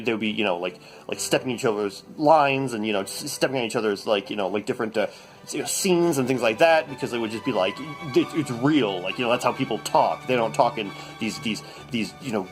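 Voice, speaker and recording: A man reads a pulpy novel aloud in a mock-serious deadpan. He keeps stopping to ramble and stammer through asides. Faint music plays behind him. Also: medium pitch. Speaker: comedy host. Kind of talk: deadpan mock-literary reading.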